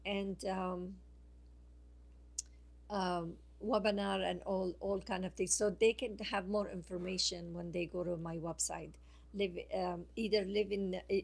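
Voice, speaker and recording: A woman guest speaking by phone on a radio show, telling a personal story slowly and haltingly, with many fillers and restarts. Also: fairly low pitch, gravelly, slightly rough. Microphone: phone line.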